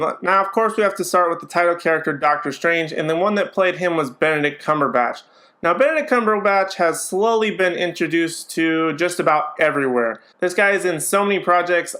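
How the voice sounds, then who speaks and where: A man with a higher-sitting voice and a sharp tone works through a loose, casual movie review. He's opinionated yet hedges often, stumbling over frequent ums and restarts as he thinks aloud.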